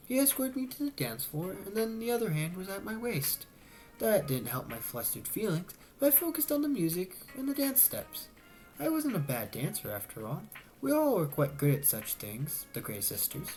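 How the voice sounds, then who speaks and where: A woman reading a novel aloud as a narrator, telling the story with lively shifts and voiced dialogue. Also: lowish voice. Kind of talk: audiobook-style reading.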